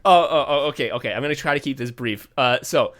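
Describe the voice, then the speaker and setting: A man's voice: mid-range voice, fast talker, a bit bright. A man hosting a podcast, telling a long work anecdote in casual chat, laughing often and swearing freely. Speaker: podcast host.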